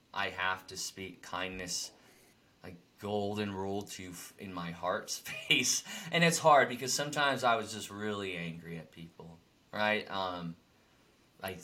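A man co-hosts a casual talk about spiritual ideas, telling his stories in a loose, rambling way full of fillers. His voice is bright and sits on the low side. When he quotes people he turns loud and animated. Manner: animated storytelling, acts out angry quotes loudly. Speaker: podcast co-host.

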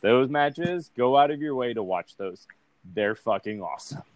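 Man, host, casual chat, steers the talk, swears, mid pitch, dry close sound. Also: expressive, normal speed, dry recording. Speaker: podcast host.

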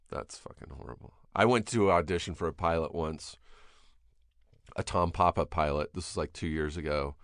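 A middle-aged podcast host with a deep, low voice tells stories in a loose, casual way, swearing often and slipping into lively impressions. The recording is dry and close, with no room sound. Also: male voice, dry recording. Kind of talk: casual chat.

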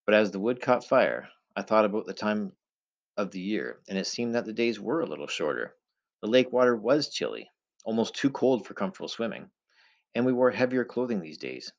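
A man reading a novel aloud in the first person, in a measured, low-key storytelling manner. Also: very animated, creaky, muffled recording. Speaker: audiobook narrator.

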